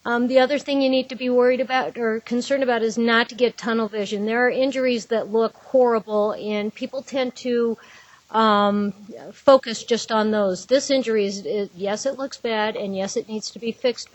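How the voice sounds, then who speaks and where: A woman's voice: on the high side, steady tone, moderate pace, no echo. A woman giving a conversational trauma-care lecture, explaining through patient scenarios in a plain, direct way. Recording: dull, dry lecture recording.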